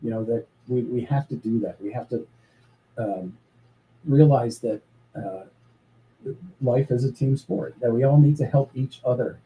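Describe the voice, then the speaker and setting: A man talking earnestly as an interview guest about his charity's work, pausing often with fillers and restarts. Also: mid-range voice, dark tone, low-quality recording. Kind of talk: casual interview talk.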